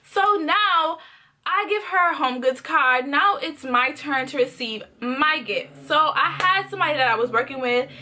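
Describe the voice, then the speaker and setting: A young woman vlogger telling a casual storytime, animated and slangy, acting out what people said. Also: high-pitched, moderate pace. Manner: animated, quotes people in lively voices; slangy and conversational.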